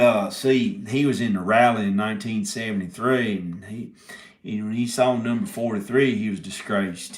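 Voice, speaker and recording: A man's voice: fairly low pitch, sharp tone. A man telling a rambling comic story, stopping and restarting his words and giggling often. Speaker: video maker telling a story. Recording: echoey room.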